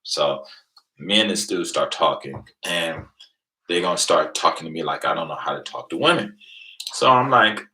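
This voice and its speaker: Deep-voiced guy from venice ca, bright forceful tone, brash story, mumbles then yells. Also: normal speed, poor audio. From Venice, California. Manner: animated, swings between low mutters and loud outbursts; profane and boastful. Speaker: livestream host. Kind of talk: casual storytelling.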